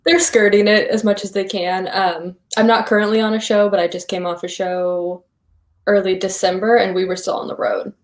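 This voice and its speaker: A woman's voice: mid-range voice, level tone, normal speed. A young woman from Iowa with a Midwestern accent, a filmmaker guest chatting casually and upbeat, laughing often and saying "like" a lot. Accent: Midwestern American. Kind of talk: casual interview chat.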